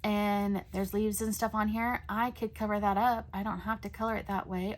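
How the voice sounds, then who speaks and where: A woman talks casually to camera about coloring books, full of ums, likes and self-corrections. Her voice sits at an ordinary middle pitch. A faint hiss of background noise runs under the recording. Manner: chatty with frequent fillers and restarts. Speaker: coloring channel host. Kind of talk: casual chat.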